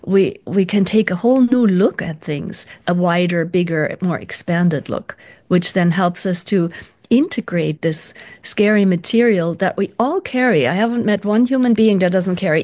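A woman's voice: lowish voice, a little mellow. A woman guest in an interview, talking earnestly and reflectively, often restarting her sentences. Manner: earnest, searching, many restarts.

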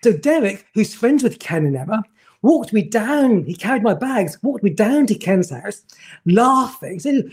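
A man, a photographer telling anecdotes in an animated way, often stumbling and repeating words. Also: high voice, unhurried, slightly rough. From England. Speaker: guest photographer. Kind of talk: anecdotal storytelling.

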